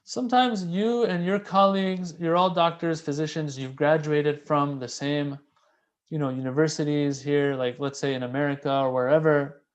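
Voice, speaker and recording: A man giving a casual, conversational religious lecture, animated and repeating key phrases for emphasis. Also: a little high, normal speed. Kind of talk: casual sermon explaining a classical text.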